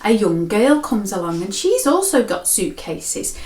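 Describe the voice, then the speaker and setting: A woman's voice: mid-range voice, sing-song, measured pace, darkish tone. A woman, a mind coach telling a story and explaining in a friendly, conversational way. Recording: roomy echo.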